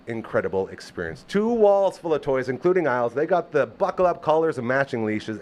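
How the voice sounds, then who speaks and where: A man hosting a live local show, reading a sponsor spot with playful asides and upbeat chatter in a small studio. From Canada. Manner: animated, enthusiastic pitchman with playful asides. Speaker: host. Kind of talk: live show ad read and chat.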